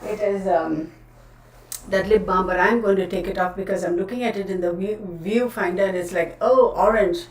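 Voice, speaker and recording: A woman's voice: medium pitch, a little mellow. Chatty woman on livestream. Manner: chatty, self-laughing, scattered. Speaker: tarot livestream host. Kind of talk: casual livestream chat. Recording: roomy, distant camera audio.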